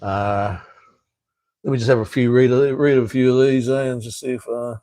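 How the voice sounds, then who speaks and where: A man's voice: medium pitch, steady tone, normal speed, mellow, dry recording. A middle-aged Australian man who hosts a casual live stream and rambles bluntly, swearing freely and often restarting his sentences.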